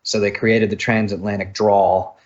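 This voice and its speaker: A man's voice: fairly low pitch, little pitch movement. American man on a dull lo-fi mic. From United States. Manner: chatty, quick to agree and jump in. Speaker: podcast co-host. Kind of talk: casual music-review chat. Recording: dull lo-fi sound.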